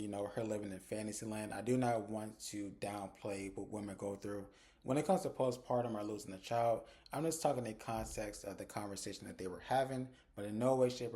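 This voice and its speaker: A young man casually recapping a TV episode to his viewers, chatty and animated, acting out the characters' lines as he goes. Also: medium pitch. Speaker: TV episode reviewer.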